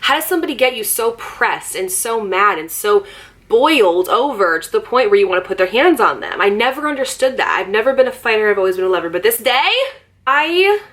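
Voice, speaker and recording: A young woman vlogger telling a story in a casual, animated way, laughing often. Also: medium pitch, quick pace.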